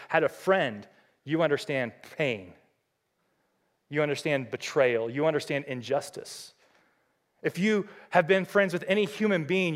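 Earnest and full of passion, a middle-aged pastor gives his sermon. His delivery shifts back and forth between loud, forceful lines and soft, low ones.

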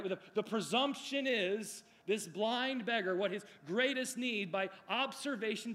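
A man preaching a sermon, moving between loud declarations and hushed, drawn-out phrases. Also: high-pitched.

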